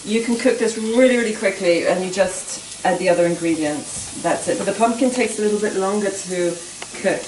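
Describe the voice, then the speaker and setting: A chatty woman walks viewers through a quick home-cooked dish, giving brisk, practical instructions. She sounds distant from the mic in a roomy, echoing kitchen. Faint frying noise hums behind her. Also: mid-range voice. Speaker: cooking show host. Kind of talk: casual cooking demo.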